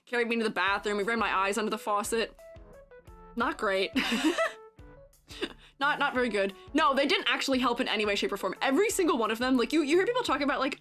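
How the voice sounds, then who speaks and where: High, lively young woman telling a story. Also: fast talker, faint music behind. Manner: rambling, animated, laughs often, acts out voices. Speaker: streamer. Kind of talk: casual storytelling on stream.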